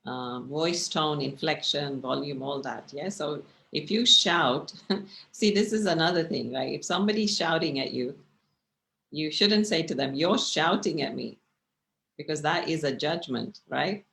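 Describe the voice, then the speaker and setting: A woman with a deep, creaky, slightly bright voice takes her time as she teaches a communication class via video call. The session is an online lecture with slides, delivered conversationally with frequent check-ins.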